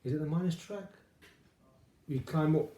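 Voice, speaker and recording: A man's voice: on the high side, moderate pace, dark tone. A man hosting a casual interview, chatty and joking with his guest. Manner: chatty, joking, laughs often. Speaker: host. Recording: echoey room.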